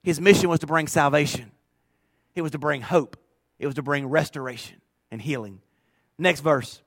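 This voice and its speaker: A middle-aged man preaching a sermon, moving from low, confiding murmurs to loud, fervent preaching. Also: expressive, moderate pace, no echo. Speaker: pastor.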